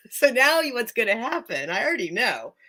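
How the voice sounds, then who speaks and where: A woman's voice: on the high side, sing-song, normal speed, bright, forceful tone. An American woman hosting a live sale stream, chatting casually with viewers by name and laughing often.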